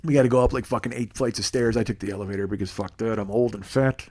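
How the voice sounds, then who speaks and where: A man in his forties, a comedian and podcast host, telling a story in an animated, profane, sarcastic way. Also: on the low side, fast. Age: 40s.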